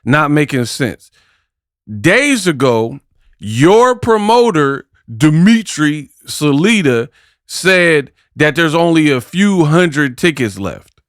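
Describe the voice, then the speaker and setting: A man's voice: fairly high pitch, fairly bright tone, no room sound, studio quality. A man hosting boxing commentary, reacting to clips in a casual, mocking, slangy way.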